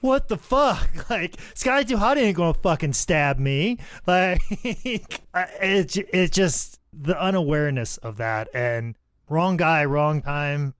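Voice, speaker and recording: Profane, animated wrestler on a podcast. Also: male voice, on the high side, slow, clear, resonant tone, no echo. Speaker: pro wrestler and podcast co-host. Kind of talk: casual podcast chat.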